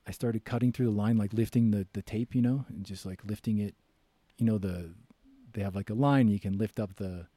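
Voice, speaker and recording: Brief: young American guy, low pitch, lively storyteller who acts out voices. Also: a little fast, dry recording. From United States. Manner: animated storyteller, acts out quoted voices loudly. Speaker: podcast guest, author. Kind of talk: casual storytelling.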